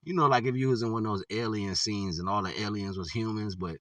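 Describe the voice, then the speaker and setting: A man casually telling a story on his vlog, relaxed and laughing often, full of "you know what I'm saying" fillers. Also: fairly low pitch, quick pace, no echo, recorded from a distance. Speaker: vlogger.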